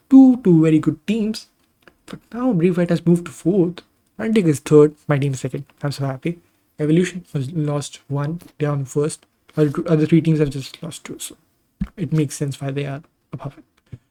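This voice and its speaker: Mellow-voiced man commentating a wrestling game. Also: a little high. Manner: rambling, drifts into tangents and asides. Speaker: gaming channel host commentating simulated matches. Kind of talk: casual video game commentary.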